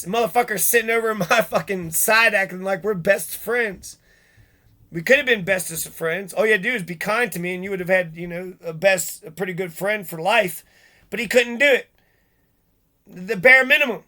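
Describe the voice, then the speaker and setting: A middle-aged vlogger with a high voice and sharp tone delivers an angry ranting monologue. It's profane and full of rhetorical questions.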